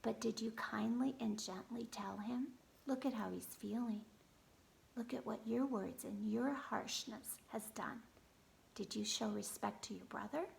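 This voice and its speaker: Woman playing a gentle, soft-spoken dad, gravelly. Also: a little high, measured pace, slight background noise, poor audio. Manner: soft, coaxing. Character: gentle adult male father, patient.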